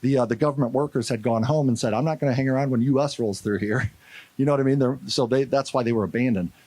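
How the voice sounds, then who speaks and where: A man's voice: mid-range voice, fast, dry recording. Guy from st louis on stage telling a story all pumped up, dry sound, acts out the voices. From St. Louis, USA. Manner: animated, acts out quotes. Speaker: conference speaker. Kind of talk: storytelling keynote talk.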